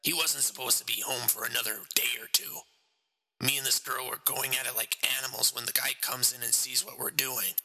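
A big, hoarse man recounts his crime in a calm, level, unwavering voice, as the narrator puts him on. The low voice has a gravelly rasp and a sharp, bright edge, and it sits in a long, echoing reverb. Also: a little fast. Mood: menacing.

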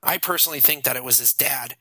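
A man's voice: mid-range voice, quick pace, bright, forceful tone, dry recording, poor audio. A man voicing a cruel teenage boy bully who swears and taunts. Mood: gloating.

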